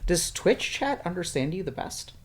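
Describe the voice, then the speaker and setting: A man, a psychiatrist, speaking in a measured way and asking probing questions in a counseling-style talk. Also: high voice, sing-song. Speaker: psychiatrist guest. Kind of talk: counseling conversation.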